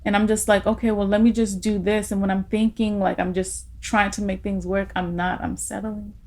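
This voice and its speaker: A young woman talks through a personal story on a casual podcast. Her voice sits at a middle pitch, and she speaks with open feeling. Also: little pitch movement, normal speed, darkish tone. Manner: emotional storytelling, laughing through tears.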